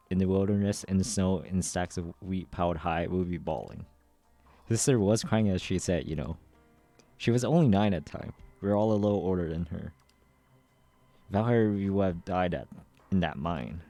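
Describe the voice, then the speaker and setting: Man reading all the parts of a game story aloud, low and mellow, faint music behind. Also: dry recording. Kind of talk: dramatic readthrough of game dialogue.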